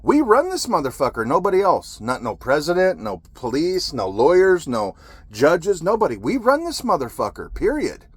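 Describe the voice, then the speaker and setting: A man's voice: a little high, huge pitch swings, moderate pace, slightly rough, no room sound. A man who is a military veteran, telling a story in an agitated, profane ranting monologue.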